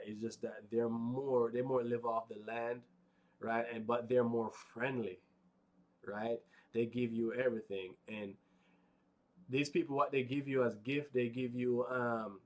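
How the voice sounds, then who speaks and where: A man casually narrating a walking tour outdoors on a windy mountaintop, rambling with lots of fillers and "right?" tags. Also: mid-range voice. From United States. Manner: rambling, conversational, many fillers and tag questions. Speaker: vlogger.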